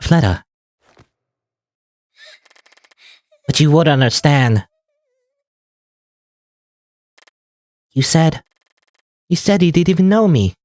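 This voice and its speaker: Man doing high nasal princess girl, possessive, clingy, big swings in pitch; dry sound. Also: big pitch swings, moderate pace, darkish tone, no echo. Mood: pleading.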